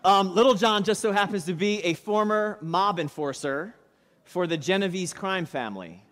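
A man's voice: sits high, expressive, normal speed, a bit bright. A male pastor preaching a sermon in church, telling a story with dramatic, emphatic delivery. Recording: reverberant church hall.

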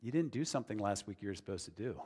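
A man's voice: lowish voice, expressive, fast, darkish tone, breathy edge. A man preaching a sermon in an earnest, conversational way that builds to emphatic declarations. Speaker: pastor. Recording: long reverb of a large hall.

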